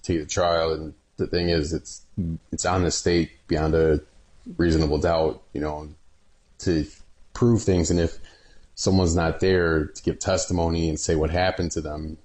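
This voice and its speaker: Very deep, flat-voiced man. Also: measured pace. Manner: calm, matter-of-fact, swears casually. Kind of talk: casual chat.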